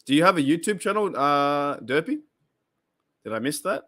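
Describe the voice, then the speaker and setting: Aussie guy hosting a live stream, bright tone, reacting to chat comments and laughing. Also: on the high side, lively intonation, moderate pace. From Australia. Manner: chatty, exclaims and laughs at comments, repeats himself. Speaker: podcast host reading live chat.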